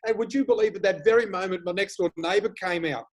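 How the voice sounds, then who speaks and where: A man with an Australian accent, a guest chatting casually, telling lively stories and laughing often. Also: sits high, fast talker. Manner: animated storyteller, laughs often, swears casually. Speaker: guest, flower reader. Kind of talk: casual chat.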